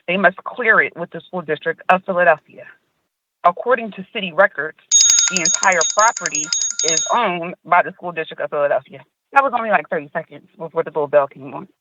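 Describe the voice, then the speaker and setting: Woman, policy advisor, prepared testimony, earnest steady reading, tinny phone line, dry sound. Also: lowish voice, no room sound. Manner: earnest, reads steadily with small restarts. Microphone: phone call from a car.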